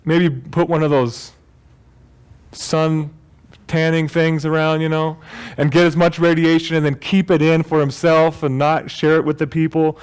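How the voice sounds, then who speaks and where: Speaking in a church, a pastor delivers his sermon in a clear, resonant voice on the high side, level in tone and measured in pace. The talk is relaxed and humorous, and he keeps catching and fixing his own words.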